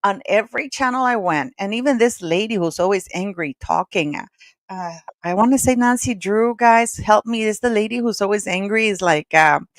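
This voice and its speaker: A woman on a live call-in panel, talking in a chatty, excitable way with many restarts. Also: mid-range voice, normal speed, dry recording, studio quality. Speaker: regular panelist. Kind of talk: casual live call-in chat.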